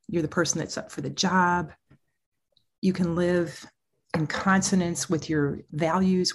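Animated, earnest woman therapist, lowish voice. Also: a little hiss or hum. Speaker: child therapist and parent coach. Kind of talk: interview conversation.

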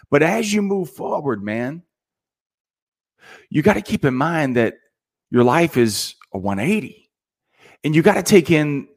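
A middle-aged man hosting a podcast, giving a casual motivational talk that keeps dropping "man" as he goes. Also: medium pitch. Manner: casual, animated, says "man" often. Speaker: podcast host.

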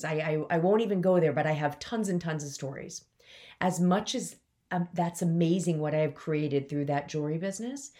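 A woman in her forties with a deep, warm voice hosts her own podcast as a business coach. In this personal solo talk she speaks candidly and emotionally, on the verge of tears and fighting to hold them back.

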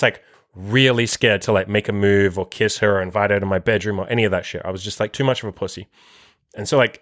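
A man's voice: fairly low pitch, dry recording, studio quality. A young man vlogging, telling a story casually with lots of filler words and swearing. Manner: profane, filler-heavy, lots of "like".

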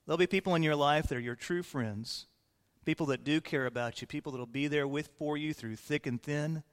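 A man's voice: a little high, a little fast. A man pastor preaching a sermon, explaining scripture verse by verse in an earnest manner. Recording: long hall reverb.

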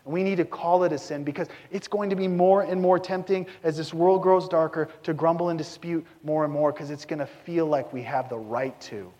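A man preaching in a church sanctuary, his fairly high voice carried by a long hall reverb. He speaks earnestly and directly to the congregation, now and then acting out the words of biblical figures. It sounds like a live sermon. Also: steady tone, fairly quick, few pauses, mellow, lo-fi sound. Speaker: pastor.

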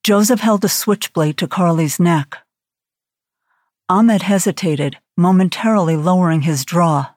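A woman narrating an audiobook thriller in a steady, dramatic reading voice. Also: on the low side, a little slow, no room sound, studio quality.

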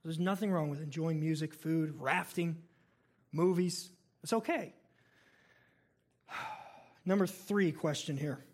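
A man in his thirties preaches to his congregation with a noticeably high voice. He talks casually and tells stories with animation, easing his points in with humor rather than thundering. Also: slow, long pauses. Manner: conversational, animated storytelling with laughs. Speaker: pastor. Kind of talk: sermon.

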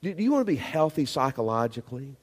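A man preaching a sermon as pastor, emphatic and animated, asking the congregation rhetorical questions. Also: mid-range voice, quick pace, slightly rough, big-room sound.

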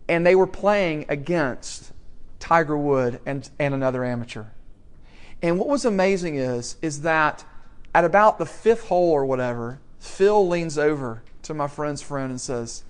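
A man preaching a sermon, telling a story with asides to the audience and swinging from hushed to loud. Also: on the high side, animated, measured pace, clean tone.

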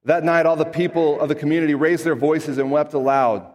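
A man's voice: fairly high pitch, fairly even intonation, brisk, a little mellow, big-room sound. A man reading scripture aloud and then preaching in an earnest, conversational way with emphatic asides. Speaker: pastor.

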